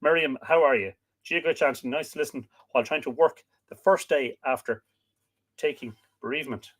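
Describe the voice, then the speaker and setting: A man's voice: mid-range voice, normal speed, fairly bright tone. An Irish man hosting a livestream, casually reading out and answering viewer comments with many fillers. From Ireland. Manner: chatty, reads out names and greetings with frequent fillers. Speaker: livestream host. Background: dog barking at times.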